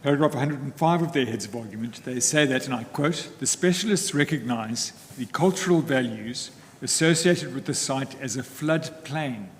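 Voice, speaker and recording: A man arguing a case in court, formal and measured, with some restarts. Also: mid-range voice, a little hiss or hum. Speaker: advocate in court. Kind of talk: legal argument in court. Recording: long reverb of a hall, faint ambience.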